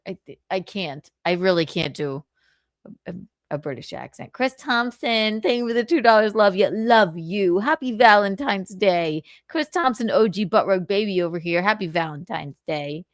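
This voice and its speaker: A woman's voice: medium pitch, expressive, moderate pace, dry recording, studio quality. A woman streamer chatting casually and giggling as she jokes while reacting to videos. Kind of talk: casual chat on livestream.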